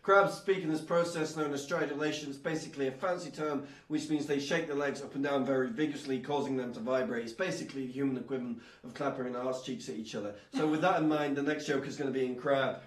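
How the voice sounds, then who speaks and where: A man doing a stand-up comedy set on a club stage, with a loud, punchy delivery that breaks into laughs. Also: mid-range voice, fairly even intonation, quick pace, few pauses, roomy sound, far from the mic, low-quality recording.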